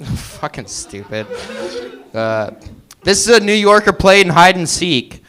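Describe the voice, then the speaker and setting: Man, stand-up comic, slow unhurried delivery, very lively swooping pitch, stage mic. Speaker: stand-up comedian. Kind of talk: stand-up comedy set. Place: open mic comedy venue, indoors.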